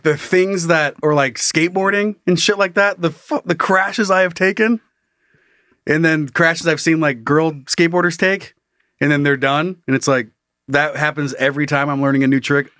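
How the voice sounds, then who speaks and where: High-voiced profane podcast man. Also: fairly bright tone, no echo, studio quality. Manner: profane, laughing, riffs into mocking bits. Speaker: podcast co-host. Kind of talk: casual comedic chat.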